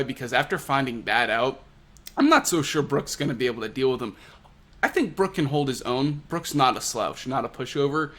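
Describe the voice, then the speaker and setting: A man with a mid-range, fairly bright voice reviews a manga chapter casually and with real enthusiasm. He retells the scenes, acting out the quotes as he goes.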